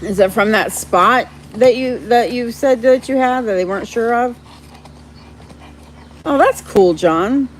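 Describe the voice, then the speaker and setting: A woman hosting a casual live stream, chatting warmly with viewers by name and laughing often. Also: fairly high pitch, unhurried, slight background noise. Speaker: livestream host reading viewer chat.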